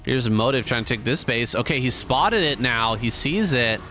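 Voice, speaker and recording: A man casts a strategy game match by himself in an easygoing, conversational play-by-play manner with offhand asides. His voice sits at a middling pitch. Faint music plays quietly underneath. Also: lively intonation, normal speed. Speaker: esports caster. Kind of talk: solo game commentary.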